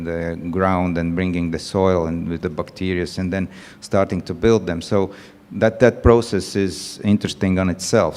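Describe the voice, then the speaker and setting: A man with a Latvian accent describes his artwork, pausing often on "uh" and reaching for words. His voice sits very low, and the room adds a long reverb. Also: darkish tone. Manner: halting, many "uh" pauses, non-native phrasing. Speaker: panel artist.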